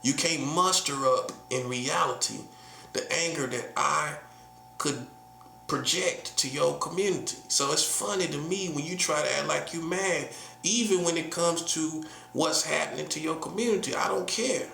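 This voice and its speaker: A man's voice: a little high, normal speed, gravelly, sharp tone, echoey room, slight background noise. A man from North Carolina with a Southern accent, preaching in a casual, emphatic monologue full of rhetorical questions and slang. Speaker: prophet.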